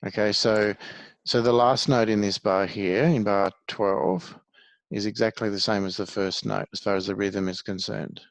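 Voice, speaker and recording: A man's voice: fairly low pitch, fairly even intonation, normal speed, no room sound. A man teaching a one-to-one music lesson, patiently explaining things step by step.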